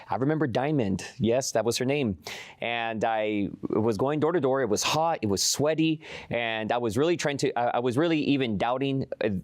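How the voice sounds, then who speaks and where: A young man tells a personal story as a guest in a dry, close studio sound. He talks at an average pitch and livens up his account by acting out the voices of the people in it. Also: dry recording. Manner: animated storyteller, acts out voices in quotes. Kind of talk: personal testimony in a studio talk.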